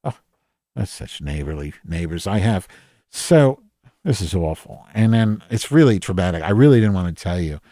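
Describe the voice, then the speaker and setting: A cranky, foul-mouthed Madge, voiced by a man, rambles through an improvised comedic monologue, forever calling herself an idiot and restarting her sentences. The voice sits low and mellow, heard dry and close with no room sound around it. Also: expressive, moderate pace, no room sound. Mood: rambling. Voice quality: rambling, swearing, self-deprecating, many restarts. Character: cranky self-mocking office worker Madge, foul-mouthed. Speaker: podcast host in character.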